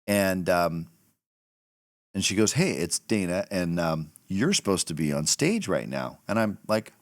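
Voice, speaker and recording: A middle-aged man hosting a podcast, telling a story in a casual, animated way and laughing as he goes. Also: on the low side, normal speed, no echo, studio quality. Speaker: podcast host.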